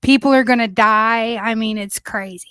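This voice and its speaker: Playful, laughing woman co-host, higher voice. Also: steady tone, moderate pace, fairly bright tone, smooth, dry recording, clean studio sound. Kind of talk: casual chat.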